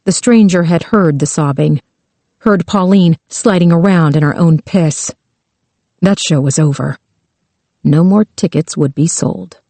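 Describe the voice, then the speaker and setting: A woman narrating a thriller audiobook with a slow, tense delivery. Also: fairly low pitch, warm tone, no room sound.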